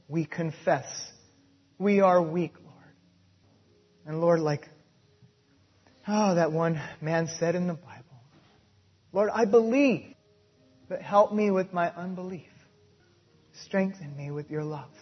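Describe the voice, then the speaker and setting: A man preaching a sermon and leading a prayer, slow and emphatic, swelling loud and then dropping soft. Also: a little high, breathy edge, muffled recording. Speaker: pastor.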